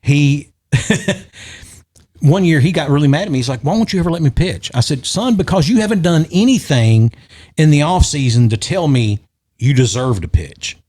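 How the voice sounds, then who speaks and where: A man's voice: a little high, moderate pace. Middle-aged man spinning a story. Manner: animated, acts out quoted voices. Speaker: podcast guest or host. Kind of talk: casual storytelling chat.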